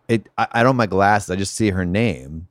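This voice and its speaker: A man's voice: sits low, fairly quick, dry recording, studio quality. A man who is a comedian guest on a podcast, chatting in an easygoing, self-deprecating way. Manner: easygoing, self-deprecating, many short agreements. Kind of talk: casual chat. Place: home podcast studio.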